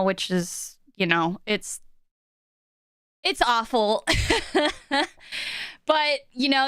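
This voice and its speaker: A woman's voice: on the high side, bright, forceful tone, smooth, no echo, studio quality. A woman streaming live, talking casually and stammering, emotional and near tears. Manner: flustered, stammering, often laughing.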